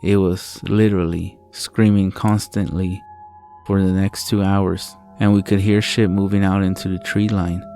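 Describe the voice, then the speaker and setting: Deep, flat-voiced male horror narrator. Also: unhurried, faint music behind. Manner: low, steady storytelling with frequent swearing. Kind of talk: scripted narration of a first-person horror story.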